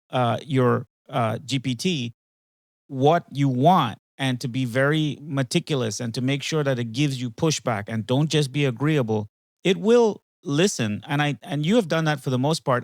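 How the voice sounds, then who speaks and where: A man's voice: medium pitch, dry recording. A man hosting a casual talk with an AI companion, rambling and hesitant, with frequent fillers and restarts. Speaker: podcast host.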